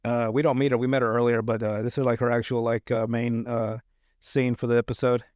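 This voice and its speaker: A man's voice: mid-range voice, level tone, brisk, a little mellow, no room sound, clean studio sound. A man hosting a podcast, casually recapping a TV episode, rambling with lots of fillers and restarts. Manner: rambling with many fillers and restarts, laughs often. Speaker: podcast host.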